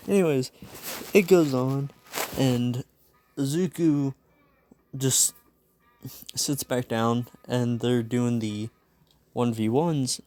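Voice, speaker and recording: A man improvises a fan story in an offhand, rambling way, full of fillers and asides. His voice is gravelly and he talks slowly. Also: medium pitch, darkish tone. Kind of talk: casual improvised story narration.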